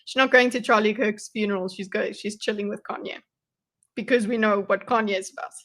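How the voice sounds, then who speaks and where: A woman's voice: mid-range voice, steady tone, brisk, a bit bright. A woman hosting a livestream, tossing out chatty, wry reactions and laughing often. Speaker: livestream commentary host. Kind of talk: casual reaction commentary.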